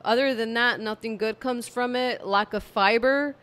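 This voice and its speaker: A woman vlogging at home, talking to camera in a tired, low-energy, monotone way. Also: normal speed. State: fatigued. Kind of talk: casual talk to camera. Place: home room with candle and cats.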